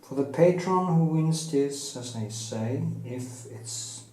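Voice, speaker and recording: A man's voice: a little high, lively intonation, darkish tone, reverberant, poor audio. A Norwegian man with a Norwegian accent, musing and joking while he paints in his studio. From Norway. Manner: slow, musing, joking asides. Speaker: painting teacher. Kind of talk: rambling talk while painting.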